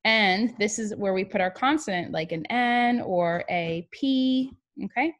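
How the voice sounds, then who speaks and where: Young woman, teacher, video call, cheerful, encouraging, slow-paced. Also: medium pitch, fairly bright tone. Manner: cheerful and encouraging, sings along. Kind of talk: online class for young children.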